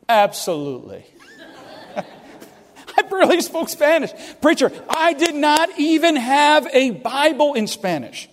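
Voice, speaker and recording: A middle-aged man preaching and telling funny personal stories to a congregation, lively and self-deprecating, acting out other people's lines. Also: extremely high pitch, unhurried, pauses often. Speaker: pastor. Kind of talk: sermon storytelling. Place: church sanctuary. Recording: long reverb of a church hall.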